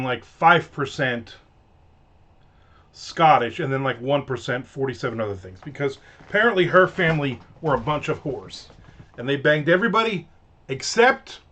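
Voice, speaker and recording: A man's voice: fairly high pitch, fairly bright tone. A man in his fifties chatting casually on a live stream, telling a rambling, joking story. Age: 50s. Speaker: author streaming a live writing session.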